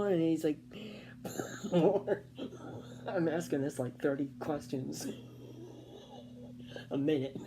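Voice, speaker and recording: A woman's voice: low-pitched, fairly even intonation, slow, pauses often, dark tone, a little hiss or hum. A woman vlogger telling a casual storytime, rambling with fillers and restarts.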